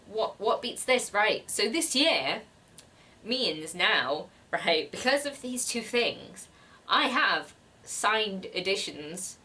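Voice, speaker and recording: A woman's voice: medium pitch, sharp tone. A young woman chatting casually as a book vlogger, giggly and gushing about her gifts. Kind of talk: casual chat.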